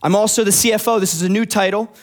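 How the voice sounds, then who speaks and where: A man's voice: sits high, fairly even intonation, quick pace. A young man preaching a casual sermon as youth pastor, friendly and joking with the congregation.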